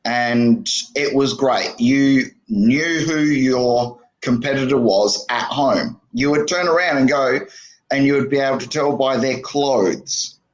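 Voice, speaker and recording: An Australian man chatting casually on a podcast, talking haltingly with many fillers. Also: mid-range voice, highs cut off.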